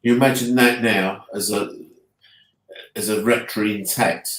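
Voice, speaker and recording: A man's voice: on the low side, steady tone, normal speed, a bit bright, echoey room. A man with an Essex accent, co-hosting a casual chat about hauntings, speaking earnestly and often trailing off to restart his sentences. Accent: Essex English. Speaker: podcast co-host.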